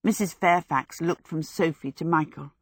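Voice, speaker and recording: A woman narrating a storybook in a measured, expressive way. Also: low-pitched, breathy edge, no room sound. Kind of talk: audiobook narration. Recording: dry close recording.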